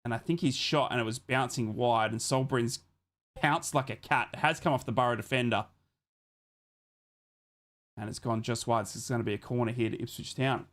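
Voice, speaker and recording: A chatty, excitable Australian man hosts a live football watch-along. His voice sits at an ordinary middle pitch for a man. He banters casually with viewers, swears without fuss and slips into play-by-play calls. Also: normal speed, pauses often. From Australia, born in Adelaide. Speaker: live stream host.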